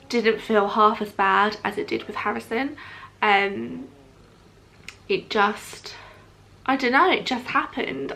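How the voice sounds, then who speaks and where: A woman's voice: fairly high pitch, creaky, fairly bright tone. A young adult woman telling a personal story to camera in a chatty, casual way, with frequent ums, often quoting what others said. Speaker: vlogger.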